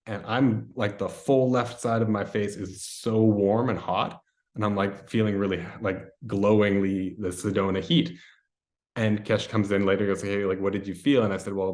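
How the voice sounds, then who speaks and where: Man, very deep voice, casual interview guest, rambling, lots of "like" and "um". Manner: rambling, filler-heavy storytelling.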